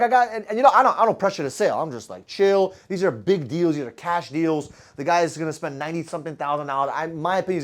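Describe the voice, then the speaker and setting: A man coaching a live group on sales, blunt and profane, constantly firing rhetorical questions at his audience. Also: sits high. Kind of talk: motivational talk to a live group.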